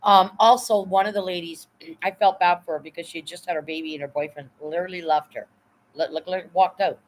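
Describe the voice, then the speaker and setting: A woman's voice: lowish voice, steady tone, brisk, low-quality recording. Blunt, chatty woman storyteller. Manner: blunt, swears freely, many "right?" asides. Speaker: livestream host. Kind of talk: casual storytelling chat.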